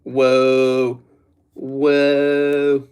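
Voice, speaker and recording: A man's voice: medium pitch, monotone, very slow, a little mellow, clear, resonant tone. A young man livestreaming, rambling and joking as he talks straight to his chat. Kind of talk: casual livestream chat with viewers.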